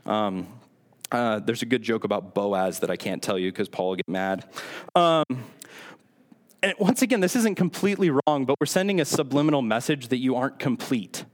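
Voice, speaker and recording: Young man, casual sermon, dry sarcastic asides, average pitch. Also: animated, moderate pace. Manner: sarcastic, self-deprecating asides. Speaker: preacher.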